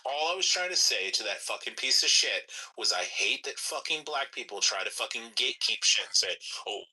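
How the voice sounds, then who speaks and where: A man's voice: medium pitch, animated, a little fast, pushed and bright, breathy edge, distant mic, rough recording. A man hosting a podcast, ranting heatedly and swearing nonstop in rambling casual chat. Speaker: podcast host.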